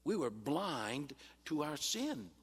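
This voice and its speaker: A pastor giving a Bible sermon in an emphatic teaching manner, pausing on "uh" and rising sharply on quoted replies. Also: male voice, on the high side, big pitch swings, breathy edge. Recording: long hall reverb.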